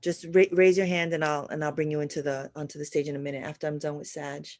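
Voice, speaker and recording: A woman giving a live horoscope and spiritual reading to an audio chat room, blunt and profane, swinging from loud urging to soft murmurs, with repetitive chant-like phrasing. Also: low-pitched, flat delivery, quick pace. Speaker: astrology and spiritual reader.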